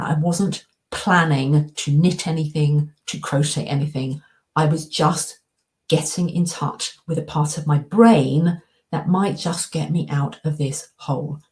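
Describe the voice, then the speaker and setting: A woman's voice: low-pitched, darkish tone. Middle-aged woman, coaching presentation, storytelling, acts out inner voices. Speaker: anxiety coach and speaker. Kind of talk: presentation talk with slides.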